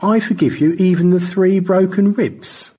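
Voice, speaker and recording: A man plays George, a pompous, languid old space adventurer fond of grand, wordy phrasing, delivering it in a high, theatrical, grandiloquent style. His voice is warm and slightly rough, fairly even in intonation and a bit slow.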